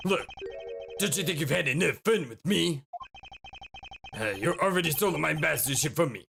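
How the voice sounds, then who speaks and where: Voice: mid-range voice, lively intonation, normal speed, creaky, a bit bright, soft background music. A player putting on a haughty foreign ambassador. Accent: put-on foreign accent. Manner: haughty, dismissive. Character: arrogant foreign male ambassador under suspicion.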